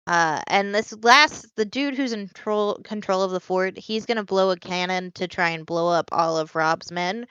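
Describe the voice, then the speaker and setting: A woman's voice: lowish voice, a bit bright, clean tone, dry recording, highs cut off. A woman co-hosting a podcast, casually recapping a plot in a rambling way with lots of fillers. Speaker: podcast co-host. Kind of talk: casual chat.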